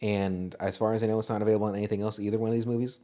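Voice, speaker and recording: A man's voice: lowish voice, little pitch movement, rapid-fire, mellow. Swearing, laughing podcast co-host man. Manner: profane, jokey, frequent laughter and filler words. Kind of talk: casual movie-review chat.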